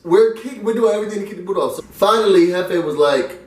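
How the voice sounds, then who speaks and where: A man's voice: high-pitched, fast talker, few pauses. A young man from New York telling a story casually and animatedly, acting out the other people's lines. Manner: animated, acts out the voices in his story. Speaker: vlogger. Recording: roomy, mic at a distance.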